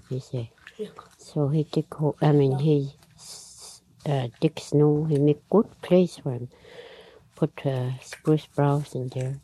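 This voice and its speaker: A woman telling a traditional story aloud in a halting, unhurried way, with frequent pauses, fillers and nonstandard grammar. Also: sits low, steady tone, mellow, slightly rough, low-quality recording.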